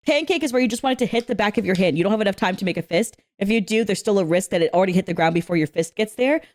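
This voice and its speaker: A young woman hosting an anime reaction, talking casually, swearing freely and shouting at the screen in excitement. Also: medium pitch, racing.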